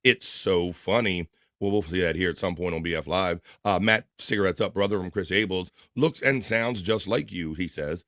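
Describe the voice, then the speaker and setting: A man hosting a live stream, casually reading viewer comments aloud and giving shout-outs while talking through his allergies. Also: low-pitched, normal speed, no room sound, clean studio sound. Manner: casual, rambling, reads chat names aloud with shout-outs. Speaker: livestream show host.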